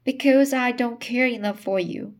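A woman's voice: a little high, moderate pace, voice pushed up, lightly acted. A woman reading the lines of an earnest young woman of about twenty, pleading and distraught.

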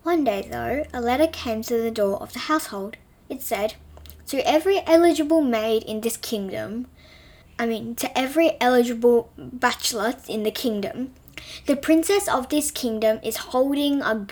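A young woman tells her own reimagined fairy tale in a playful, chatty way. Her voice sits a little high, and she often trips over a word and corrects herself before carrying on. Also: lively intonation, moderate pace, a little mellow. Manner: playful, with frequent self-corrections. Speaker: storyteller. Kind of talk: reading a self-written story aloud.

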